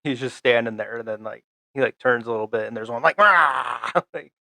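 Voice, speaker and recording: A young man co-hosting a podcast, recapping a show in a halting, rambling way full of fillers and restarts. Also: mid-range voice, fairly even intonation, a bit bright, no echo. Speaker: podcast co-host.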